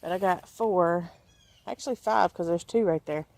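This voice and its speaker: A woman's voice: on the low side, normal speed, gravelly, darkish tone, no echo. A woman giving a chatty, folksy tour of her vegetable garden outdoors, talking to her viewers while filming on a handheld camera. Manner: folksy, chatty, points things out as she walks. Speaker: homestead gardening vlogger.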